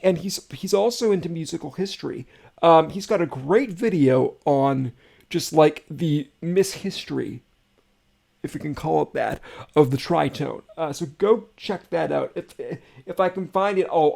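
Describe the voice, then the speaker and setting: A man hosting a music reaction video, chatting casually and excitedly, with lots of fillers and swearing. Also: a little high, creaky.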